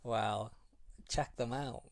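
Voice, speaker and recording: A man's voice: mid-range voice, steady tone, takes it slowly, creaky. A man co-hosting a casual podcast, curious and easygoing, asking questions. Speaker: podcast co-host. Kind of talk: casual chat.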